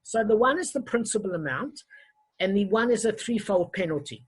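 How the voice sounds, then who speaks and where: Man, online Talmud teacher on a video call; husky voice, hesitant delivery with self-corrections. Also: sits high, expressive, fairly quick, low-quality recording.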